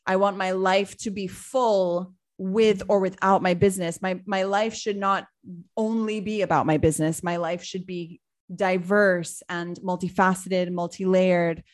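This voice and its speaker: A woman in her thirties from Trinidad, speaking in a thoughtful interview with many pauses as she searches for words. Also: medium pitch, steady tone. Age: 30s. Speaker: guest, business owner. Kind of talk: reflective interview answer.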